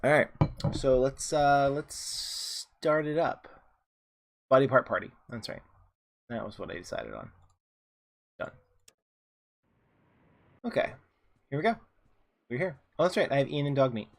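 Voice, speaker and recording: A man's voice: mid-range voice, lively intonation, normal speed, creaky, pauses often. A man hosting a gameplay video, chatting casually and cracking jokes while reading game text aloud. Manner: chatty, jokey asides, reads game dialogue aloud. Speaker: gaming channel host. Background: faint game music.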